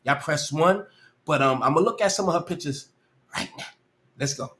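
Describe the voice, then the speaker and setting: A man hosting a live stream and reacting to a clip, trading drawn-out, cursing comments for loud, shocked outbursts. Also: a little high. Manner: drawling, slow comments between outbursts.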